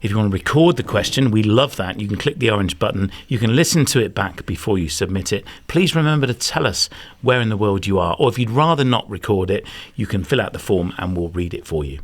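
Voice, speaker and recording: A male podcast host with a fairly low voice talks in a relaxed, chatty way. He gives practical advice to listeners like a regular on the show. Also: fast talker. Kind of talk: casual podcast chat.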